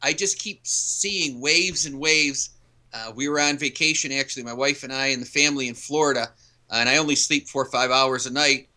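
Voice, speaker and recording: Bright, forceful man telling stories. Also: mid-range voice, brisk. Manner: storytelling, earnest and emphatic. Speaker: author and youth coach, interview guest. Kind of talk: casual interview conversation.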